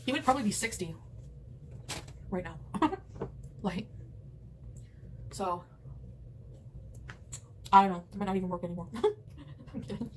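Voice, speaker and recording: In a medium-pitched, expressive voice, a woman talks a little slowly with long pauses while she eats a big meal at home. The mukbang chat is rambling and casual, with plenty of laughs. The microphone is distant and picks up background noise.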